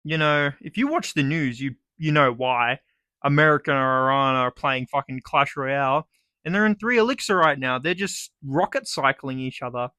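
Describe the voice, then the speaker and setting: A man's voice: mid-range voice, moderate pace, sharp tone, no echo, studio quality. A young man with an Australian accent delivering a sarcastic, sweary comedic rant. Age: young adult. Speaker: vlogger.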